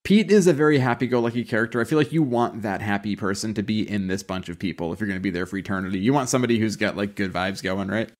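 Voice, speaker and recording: A man's voice: on the low side, fast talker, hardly any pauses. A man co-hosting a podcast in casual, joking chat. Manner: joking, playful. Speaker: podcast co-host.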